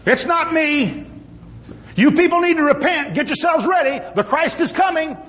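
A man's voice: very high voice, normal speed, a bit bright, slight background noise, pitched above the performer's own voice. A man preaching, voicing a humble desert prophet who proclaims with urgency and a raised voice. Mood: urgent. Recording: dull lo-fi recording.

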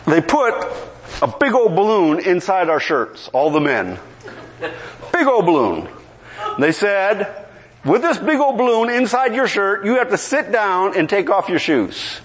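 A man's voice: high-pitched, measured pace. A man preaching a sermon, telling a funny story and then building into emphatic preaching, with a congregation answering him. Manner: animated storytelling with humor, rising to emphatic preaching. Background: congregation responding.

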